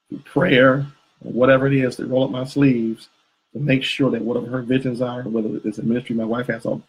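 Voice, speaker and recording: On a low-quality recording, a man with a mid-range, darkish, slightly breathy voice co-hosts a live couples show. He chats casually with viewers over live video, rambling with fillers and restarting his sentences.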